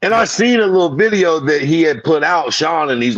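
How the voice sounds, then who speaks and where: A man co-hosting a podcast, ranting in animated, profane, slang-heavy casual chat. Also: fairly high pitch, a little fast, hardly any pauses, no echo, lo-fi sound. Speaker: podcast co-host.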